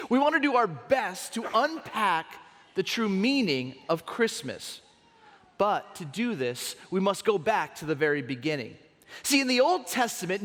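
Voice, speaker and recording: A man preaching a sermon as a pastor, telling stories with an animated delivery and dramatic pauses, in a large church auditorium. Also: high-pitched. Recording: long hall reverb.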